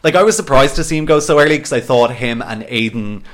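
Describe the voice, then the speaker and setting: A man's voice: mid-range voice, quick pace, fairly bright tone. A man hosting a podcast in a casual, gossipy chat, peppered with "like" and the odd swear. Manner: chatty, heavy use of "like", swears freely. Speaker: podcast host.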